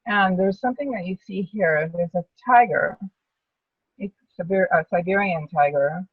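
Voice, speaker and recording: A woman's voice: lowish voice, unhurried, slightly rough, no room sound, recorded from a distance, phone-quality sound. A woman sharing her personal story as a survivor in a webinar, talking in an earnest, reflective way. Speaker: brain tumor survivor panelist. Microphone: video call.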